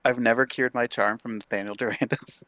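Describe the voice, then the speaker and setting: A man's voice: medium pitch, fairly even intonation, a little fast, bright, forceful tone, no echo, dull audio. A man playing a tabletop game, joking and arguing rules in casual chat. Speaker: player.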